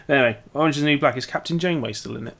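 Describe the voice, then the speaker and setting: A man's voice: medium pitch, quick pace, gravelly, fairly bright tone, husky. A young man co-hosting a review podcast, chipping in with dry, teasing remarks. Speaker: podcast co-host. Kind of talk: casual review chat.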